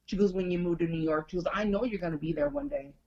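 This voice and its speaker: Middle-aged woman, low-pitched chatty storyteller, lo-fi call audio. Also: fast, dark tone. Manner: chatty, retells a friend's words with many "she goes". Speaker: guest. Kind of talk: casual storytelling on a video call.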